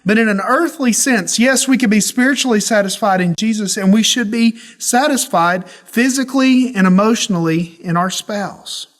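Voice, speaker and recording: A man leading a church Bible study, teaching in a folksy, animated storytelling way. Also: high voice, normal speed, hardly any pauses. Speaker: pastor.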